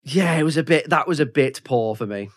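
A man's voice: a little high, lively intonation, fairly quick. A man hosting a film podcast, talking casually and often repeating words while he collects his thoughts. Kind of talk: casual film review chat.

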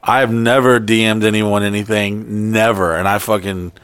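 A man's voice: fairly low pitch, normal speed, clean tone, dry recording. A man hosting a podcast, telling a profane story in casual chat and acting out the lines of the people in it. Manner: profane, animated storyteller who acts out quotes. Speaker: podcast host.

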